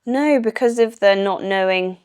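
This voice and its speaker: A young woman with a Welsh accent, chatting as an estate manager in an interview, relaxed and enthusiastic and quick to laugh. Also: mid-range voice, clear, resonant tone, no echo, studio quality. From Wales. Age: young adult. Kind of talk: casual interview chat.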